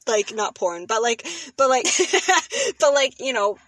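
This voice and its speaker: A woman's voice: on the high side, animated, measured pace, a bit bright, no room sound. A young woman co-hosting a casual podcast, rambling, giggling and cutting herself off mid-sentence. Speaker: podcast co-host. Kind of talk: casual chat.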